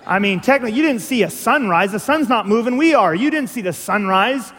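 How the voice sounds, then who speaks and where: A male pastor preaching a sermon, animated and full of rhetorical questions, acting out little dialogues. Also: high-pitched, a little fast, few pauses. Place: church hall. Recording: long hall reverb.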